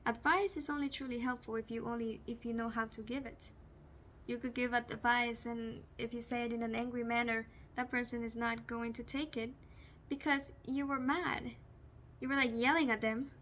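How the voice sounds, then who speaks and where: A woman's voice: a little high, little pitch movement, moderate pace, a bit bright, a little hiss or hum. A young woman talking casually to camera as a vlogger, chatty and giggly, often searching for the right word. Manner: chatty, giggly, gropes for words.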